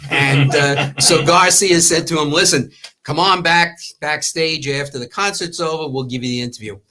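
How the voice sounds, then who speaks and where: An older man from the New York area, a former magazine owner, telling long anecdotes in casual talk and acting out the quotes. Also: medium pitch. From Long Island, New York. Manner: rambling, warm storytelling with acted-out quotes.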